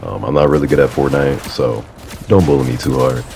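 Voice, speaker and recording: A man's voice: extremely low pitch, a little fast, vocal fry, darkish tone, slight background noise. A young man telling a casual story time as a YouTuber, rambling with lots of fillers and laughing at himself. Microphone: console setup mic.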